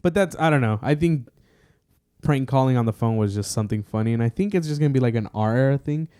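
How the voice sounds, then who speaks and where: Podcast co-host, man, relaxed and expressive, dry close mic, casual swearing. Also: medium pitch, quick pace, smooth, dry recording. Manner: laid-back, laughs easily, swears casually. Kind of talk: casual chat.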